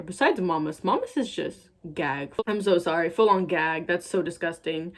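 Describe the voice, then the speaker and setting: A woman's voice: on the low side, moderate pace. A woman YouTuber reading fan fiction aloud and breaking off for sarcastic, exasperated asides.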